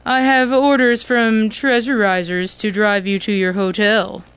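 A woman's voice: mid-range voice, little pitch movement, unhurried, a bit bright, clean tone, dry recording. A woman reading aloud voices a grown man working as a hired driver, speaking in a firm, curt way in a storybook.

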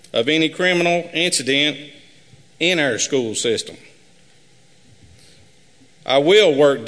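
Man, campaign speech, measured and earnest, long echo of a school hall. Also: fairly high pitch, a bit bright. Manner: earnest, measured, repetitive pledges. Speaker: sheriff candidate. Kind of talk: reading a prepared campaign speech. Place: high school forum hall. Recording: live hall with long reverb.

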